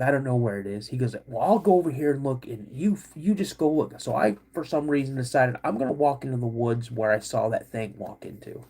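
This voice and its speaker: A middle-aged man hosting a podcast, telling a personal story in an animated way, acting out quoted voices and calling his listeners "guys". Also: medium pitch, fairly quick. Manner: acts out quoted voices of his dad and himself. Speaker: podcast host.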